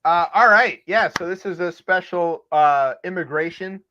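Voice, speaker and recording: A man's voice: sits high, normal speed, a little hiss or hum. A man co-hosting a comedic news podcast, rambling and sarcastic with many fillers. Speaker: podcast co-host. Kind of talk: casual comedic news chat. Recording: dull lo-fi sound.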